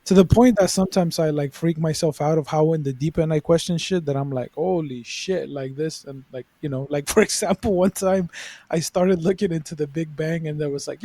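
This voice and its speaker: A young man co-hosting a podcast, talking candidly and swearing as he goes. His voice is mellow and fairly high, recorded dry and close. He gets animated and laughs while he talks. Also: dry recording. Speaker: podcast co-host. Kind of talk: casual podcast chat.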